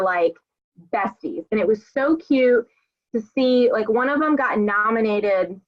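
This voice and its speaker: Candid, profane woman on a tinny call. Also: a little high. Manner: candid, profane, filler-heavy. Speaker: coach hosting a group call. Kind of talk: casual motivational talk. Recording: dry, tinny phone-like call audio.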